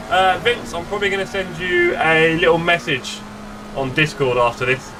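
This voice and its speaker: A man's voice: on the high side, moderate pace, background noise. A middle-aged man live-streaming sim racing from home, chatting casually with his viewers in a rambling, self-mocking way. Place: home gaming room. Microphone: desk streaming mic.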